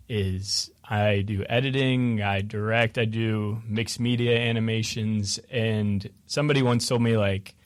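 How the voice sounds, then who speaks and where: A young man as a radio guest, talking in a relaxed, self-deprecating way with many "like" fillers. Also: lowish voice, dry recording. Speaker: guest, visual artist. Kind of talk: casual interview chat. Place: radio studio.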